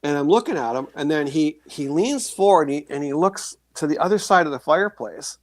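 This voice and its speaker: A man's voice: a little high, a little fast, no room sound. A middle-aged man recounts his experiences in a loose, rambling way, full of restarts. He slips into the voices and gasps of the people in his story. The sound is dry and close. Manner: rambling, animated storytelling with acted-out reactions. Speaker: guest, author and paranormal experiencer. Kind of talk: casual storytelling on a podcast.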